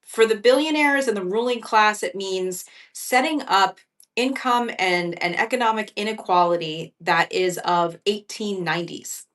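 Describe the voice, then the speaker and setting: A woman's voice: medium pitch, moderate pace, a bit bright. A woman guest in a casual political chat over a video call, earnest and emphatic. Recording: distant mic.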